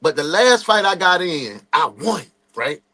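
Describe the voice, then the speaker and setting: Man in his forties, reaction-stream storyteller; high, animated, loud. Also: measured pace. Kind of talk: casual storytelling.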